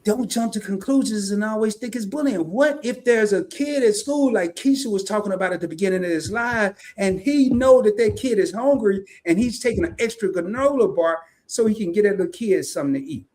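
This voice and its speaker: A man's voice: high-pitched, brisk, few pauses. A man with a Southern US accent co-hosting a live stream, chatting casually, joking and reading viewer comments aloud. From American South. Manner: animated, folksy, jokes and reads chat comments aloud.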